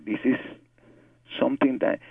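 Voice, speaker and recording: A novelist guest, a native Spanish speaker with a Cuban Spanish accent, speaks earnestly at a moderate pace in an interview conversation. He often repeats words while searching for his English, and his dry recording sounds like a tinny phone line, distant from the mic.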